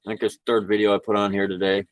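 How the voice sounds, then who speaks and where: A man's voice: lowish voice, monotone, very fast, no echo, phone-quality sound. A man chatting casually about spirituality into his computer microphone, rambling and laid-back, laughing often. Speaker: vlogger. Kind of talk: casual spiritual livestream chat. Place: indoors at home, speaking into a computer.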